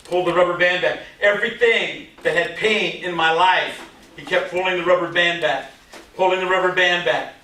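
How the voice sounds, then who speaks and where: A man's voice: high-pitched, moderate pace. A man in his sixties giving a motivational keynote to a live audience, telling stories with jokes and firing rhetorical questions at the crowd. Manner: animated, quizzes audience with rhetorical questions, jokey. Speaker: motivational speaker. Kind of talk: stage keynote storytelling. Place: large hall with live audience. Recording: echoey hall, mic at a distance, faint noise.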